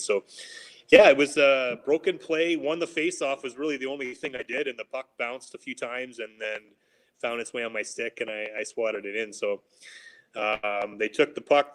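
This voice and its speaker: A former hockey player in his forties telling animated, casual stories on a podcast and acting out what his coaches said. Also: mid-range voice, rough recording. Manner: animated anecdotes, laughing, quoting coaches. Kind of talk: casual storytelling.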